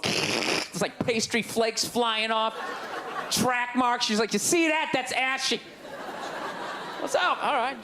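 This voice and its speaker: A man in his forties rants on stage in a loud, exasperated, mocking way, and his voice sits very high for a man. Laughter and chatter from the live club crowd fill the spaces between his lines, with steady room noise under it all. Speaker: stand-up comedian. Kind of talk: stand-up comedy rant. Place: comedy club stage before a live audience.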